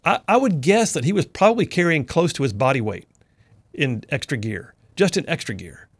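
A man's voice: fairly high pitch, very animated, normal speed, slightly rough, no room sound. A middle-aged man hosting a talk radio show, telling an army story in an earnest, folksy way that turns preacher-like. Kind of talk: storytelling commentary.

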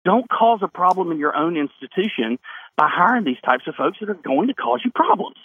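A man's voice: high-pitched, animated, brisk, breathy edge, dry recording. A man, a state lawmaker calling into a radio talk show, speaking emphatically and answering his own rhetorical questions. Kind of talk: radio call-in interview. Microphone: phone. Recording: phone line into a radio show.

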